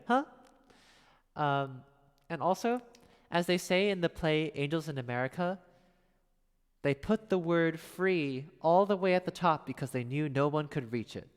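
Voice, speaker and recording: A man streaming piano requests, chatting casually and wryly with his chat in a soft, drifting way. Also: lively intonation, moderate pace, smooth, long reverb tail. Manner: chatty, wry, drifts soft and low between songs.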